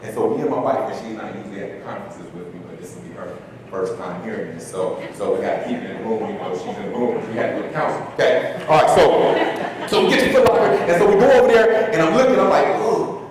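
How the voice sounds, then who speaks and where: A man's voice: fairly low pitch, quick pace, a crowd in the background. A man speaking at a conference, telling a funny personal story in a loose, colloquial way and acting out the people in it. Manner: animated, colloquial, acts out other people's voices. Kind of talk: humorous personal storytelling to an audience. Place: conference hall with live audience. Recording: echoey hall, distant mic, audience.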